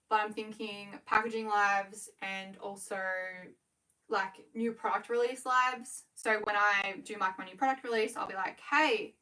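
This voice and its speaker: A young woman with an Australian accent chatting casually to viewers on a livestream while she works, talking quickly and correcting herself as she goes. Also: mid-range voice, sharp tone. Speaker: small business owner livestreaming. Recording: voice a bit far from the mic.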